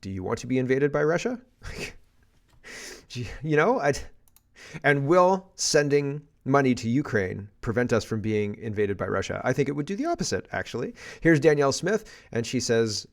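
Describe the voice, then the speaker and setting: A man's voice: mid-range voice, lively intonation, unhurried. A man from Canada giving a casual political rant, blunt and exasperated, with frequent restarts and sighs. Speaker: political commentator.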